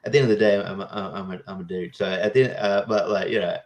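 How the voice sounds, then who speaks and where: A man in a casual movie podcast chat, halting and restarting often. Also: sits low, steady tone. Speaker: podcast co-host.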